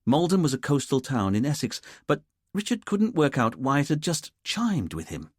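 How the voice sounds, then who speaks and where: A man narrating a mystery audiobook in an expressive storytelling manner. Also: medium pitch, normal speed, slightly rough, dry recording. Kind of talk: scripted narration. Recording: dry close studio sound.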